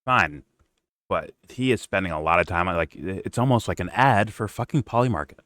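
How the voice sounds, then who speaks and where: Blunt low-voiced man hosting a reaction. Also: animated, fairly quick, fairly bright tone, no echo, studio quality. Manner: blunt, profane, mocking. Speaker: reaction stream host. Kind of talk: casual profane reaction chat.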